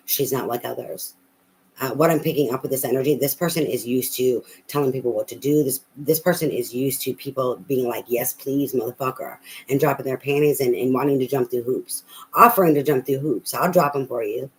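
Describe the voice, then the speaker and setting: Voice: mid-range voice, slight background noise, rough recording. A tarot reader giving a casual reading, talking bluntly and emphatically with a lot of profanity and repetition.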